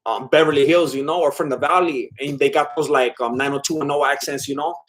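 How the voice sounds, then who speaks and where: A man's voice: a little high, steady tone, a little fast, fairly bright tone. A man streaming live, reading chat and rambling casually with lots of fillers and laughs. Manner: rambling, filler-heavy, self-deprecating laughs.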